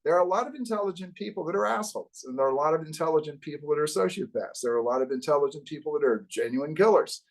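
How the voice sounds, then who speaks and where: Husky older man telling wry anecdotes. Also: a little high, racing, hardly any pauses, low-quality recording. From US East Coast. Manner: wry, animated anecdotes with acted quotes. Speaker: guest, author. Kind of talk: casual interview storytelling.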